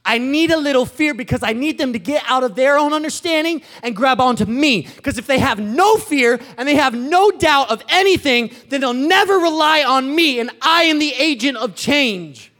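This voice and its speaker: A man doing Jesus, playful excited creator. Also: extremely high pitch, moderate pace, hardly any pauses, exaggerated voice. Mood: earnest. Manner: playful and bossy, calling to helpers.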